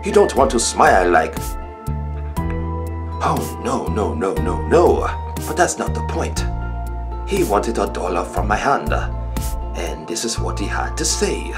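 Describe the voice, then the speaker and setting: A man's voice: fairly low pitch, sing-song, slow pace, long pauses, over music. A man telling a comic story with an exaggerated, self-mocking delivery as a skit narrator.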